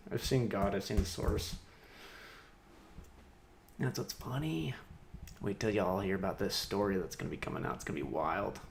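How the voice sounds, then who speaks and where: A man talking alone on a livestream, rambling and laughing to himself, swinging between loud outbursts and muttered asides. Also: on the low side, gravelly, noisy background. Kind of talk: rambling solo livestream monologue. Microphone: streaming mic.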